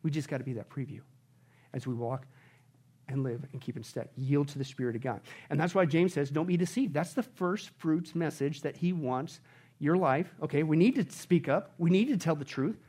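A man preaching a sermon, asking the congregation quick questions and swinging between loud emphatic bursts and low, quiet stretches. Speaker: pastor.

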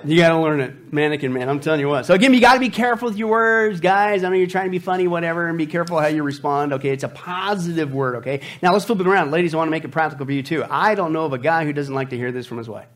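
A man preaching a sermon as pastor, lively and joking, repeating phrases for emphasis. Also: fairly high pitch, rapid-fire, few pauses, some chatter behind.

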